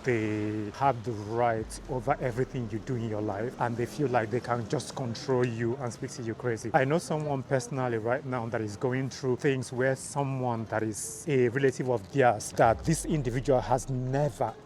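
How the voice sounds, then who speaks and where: A man's voice: mid-range voice, steady tone, normal speed, few pauses, darkish tone, a little hiss or hum. A man from Nigeria talking casually to his phone camera in a travel vlog, chatty and emphatic, doubling words for stress. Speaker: vlogger.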